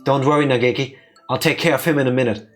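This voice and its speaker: A man's voice: mid-range voice, steady tone, quick pace, faint music behind, natural voice. A man voicing a grieving young male bird in a visual novel who is stubborn and set on revenge, speaking earnestly and insistently.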